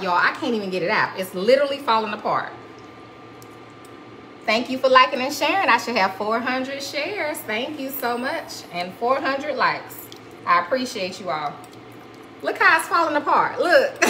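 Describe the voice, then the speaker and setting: A woman's voice: fairly high pitch, sharp tone, a little hiss or hum, poor audio. A woman hosting a live cooking demonstration in her kitchen, chatty and folksy, calling viewers honey and y'all. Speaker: cooking show host. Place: home kitchen.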